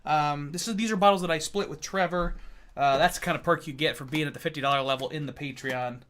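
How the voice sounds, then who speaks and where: A man's voice: fairly high pitch, quick pace, fairly bright tone. A man hosting a casual whiskey tasting livestream. He jokes around, swears freely and answers viewers as he goes. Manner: loose, joking, swears freely; chats with viewers. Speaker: whiskey reviewer and streamer.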